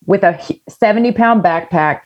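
A woman's voice: medium pitch, moderate pace, lo-fi sound. Candid, rambling woman singer-songwriter. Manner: candid, rambling storyteller who swears freely. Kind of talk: casual interview chat.

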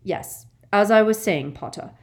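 A woman voicing a stern older female professor in an audiobook, speaking crisply, curtly and a little haughtily. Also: medium pitch, measured pace, pitched above the performer's own voice, lightly acted. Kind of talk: audiobook character voice.

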